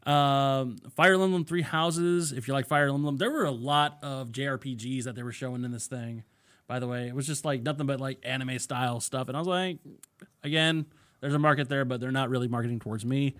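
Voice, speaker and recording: A man's voice: mid-range voice, fairly even intonation, a little fast, fairly bright tone. A man hosting a podcast in casual chat, running through news items in a loose, profane way. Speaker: podcast host.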